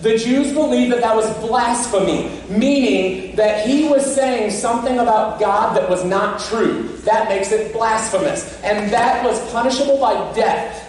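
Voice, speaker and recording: In a church sanctuary, a man with a very high, darkish voice preaches an Easter sermon as pastor. He keeps it conversational, frequently engaging the congregation, and the recording is very echoey from a distant mic with a little hiss or hum.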